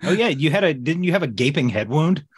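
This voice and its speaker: A man with a slightly husky voice makes wry jokes in a casual podcast chat. His pitch moves up and down in a lively way. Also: fast talker, dry recording, studio quality. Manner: wisecracking, laughs at own jokes. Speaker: podcast co-host.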